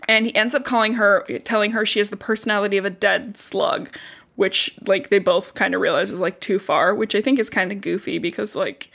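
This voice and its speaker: A woman's voice: medium pitch, fairly even intonation, a little fast, gravelly, a bit bright. A young woman co-hosting a podcast, recapping chapters in a casual, chatty way, peppered with "like" and the odd swear word. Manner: chatty, frequent "like", swears casually, acts out characters' lines. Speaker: podcast co-host. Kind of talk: casual book recap chat.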